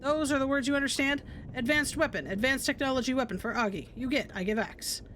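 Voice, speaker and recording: A simple-speaking male warrior from a video game talks in halting, broken phrases, as a woman voices him. He talks slowly and earnestly. The voice sits high. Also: a bit bright, a little hiss or hum.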